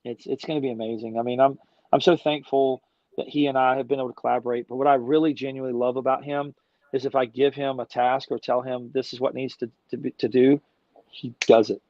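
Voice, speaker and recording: A man's voice: medium pitch, level tone, fast, darkish tone, no room sound. A middle-aged man talking as a guest in a casual interview, an enthusiastic, slangy storyteller who rambles along. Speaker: guest, business founder. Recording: dull dry lo-fi sound.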